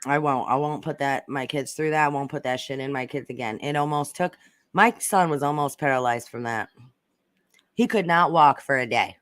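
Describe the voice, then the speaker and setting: A woman's voice: rumbling low, normal speed, dry recording, studio quality. A woman hosting a casual livestream, chatting and reading viewer comments in a rambling way, swearing freely. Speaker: livestream host reading chat. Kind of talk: casual chat.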